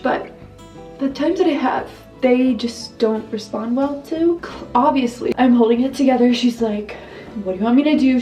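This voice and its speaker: A woman's voice: on the high side, creaky, darkish tone, far from the mic. A young pregnant woman telling an emotional story in a vlog while doing her makeup, with quoted dialogue. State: pregnant, weepy. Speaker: family vlogger. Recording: roomy echo, voice off-mic.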